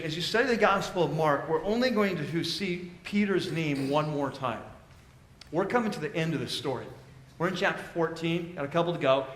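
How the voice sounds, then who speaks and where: Pastor, male, conversational sermon voice with a slightly high pitch, recorded in an echoey sanctuary with faint noise behind. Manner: conversational, animated storytelling with sudden drops to hushed emphasis. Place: church auditorium.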